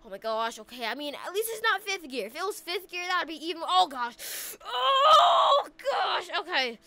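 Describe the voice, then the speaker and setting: Very high, bright-voiced excitable woman. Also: fast. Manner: frantic, excitable, slangy, stammering when alarmed. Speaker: gaming channel host. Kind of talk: casual roleplay commentary over gameplay.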